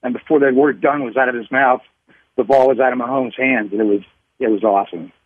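Husky male caller on a phone line. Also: mid-range voice, steady tone, quick pace, dry recording. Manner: hesitant, many ums and restarts. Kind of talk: phone-in caller talking football.

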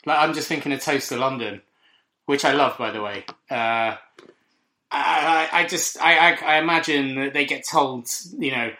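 A man's voice: on the high side, normal speed, pushed and bright. A man co-hosting a podcast in casual chat, teasing and chatty, often stumbling over his words. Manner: chatty, teasing, hesitant restarts. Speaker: podcast co-host.

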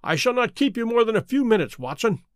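Man doing a crisp, confident detective. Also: very high voice, big pitch swings, fast talker, dry recording, studio quality, pitched above the performer's own voice. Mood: cool. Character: cool, precise male detective, middle-aged.

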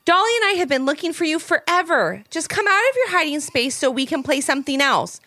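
A squeaky, excitable little girl, stubborn and a bit whiny, voiced by a woman reading a storybook. The voice sits far above a normal speaking pitch and leaps up and down a lot. The sound is close and dry, with faint music. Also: a little fast, dry recording, full character voice. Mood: excited.

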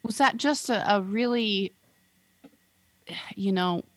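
A woman co-hosting a podcast in casual chat, asking halting questions with lots of fillers. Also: mid-range voice, no room sound. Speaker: podcast co-host.

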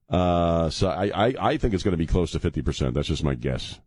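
A man's voice: sits low, a little mellow, no echo. A man in his fifties hosting a talk radio show, joking sarcastically and rambling, sounding tired. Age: 50s. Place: radio studio.

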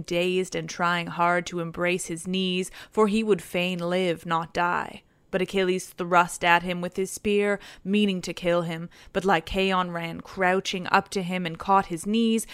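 A woman reading an ancient epic aloud as an audiobook narrator, with measured, formal narration. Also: medium pitch, fairly bright tone, clean tone, dry recording. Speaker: audiobook reader.

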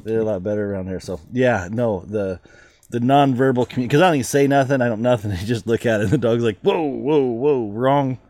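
A middle-aged man in casual chat, rambling, laughing often and trailing off quietly. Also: medium pitch, quick pace, dry recording, clean studio sound.

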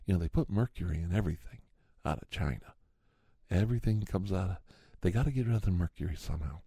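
A man's voice: deep voice, lively intonation, quick pace, vocal fry, warm tone, husky, no echo, studio quality. A man in a rambling conspiracy-style comic monologue who keeps saying "see?" and drops into sudden whispers.

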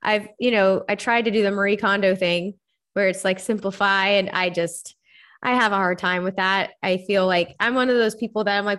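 A woman's voice: medium pitch, steady tone, fairly bright tone, smooth. A woman hosting a podcast, chatting in a bubbly, talkative way with a guest. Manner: bubbly, chatty, quick laughs. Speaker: podcast host. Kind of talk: casual interview chat.

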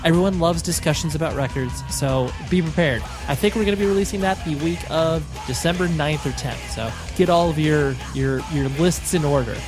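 A man's voice: fairly high pitch, brisk, few pauses. A sick man with a nasal voice, hosting a podcast and wrapping up the episode in a rambling, apologetic way. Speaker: podcast host. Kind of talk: casual podcast outro. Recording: music playing underneath.

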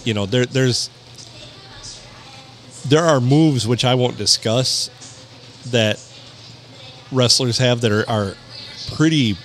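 A man co-hosting a podcast, telling stories in casual chat with a rambling, halting delivery. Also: medium pitch. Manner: rambling, halting, many restarts. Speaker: podcast co-host.

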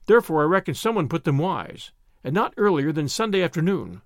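A man's voice: on the high side, very animated, fairly quick, dry recording, studio quality. A man voicing an emphatic young American man with an American accent and folksy, derisive phrasing.

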